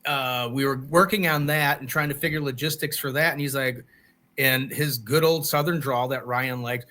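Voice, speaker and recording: A man's voice: mid-range voice, steady tone, normal speed, pushed and bright. A man hosting a casual podcast chat, teasing and rambling as he talks. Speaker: podcast host.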